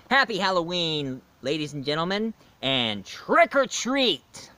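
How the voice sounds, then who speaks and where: A man's voice: on the high side, sing-song, a little slow, bright, forceful tone, clean tone, dry recording. A man hosting a casual storytelling video, chatty and rambling, often correcting himself. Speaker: storyteller host.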